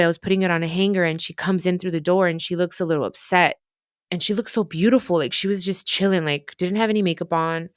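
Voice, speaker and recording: A woman in her thirties hosting a podcast, speaking earnestly and confessionally with soft pauses in a reflective personal monologue. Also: on the low side, dry recording, clean studio sound. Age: 30s. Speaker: podcast host.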